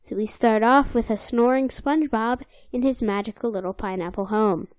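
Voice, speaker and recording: A woman's voice: fairly high pitch, moderate pace, a little mellow, dry recording. A woman co-hosting a podcast, chatting casually and playfully, sometimes slipping into silly voices. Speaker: podcast co-host. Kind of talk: casual chat recapping a cartoon episode.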